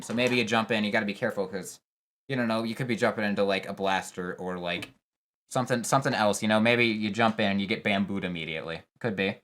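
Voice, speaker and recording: A man's voice: fairly low pitch, quick pace, fairly bright tone. A young man talking casually over a game trailer, thinking aloud with fillers and restarts. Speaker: competitive player reacting to a trailer. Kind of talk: casual video commentary.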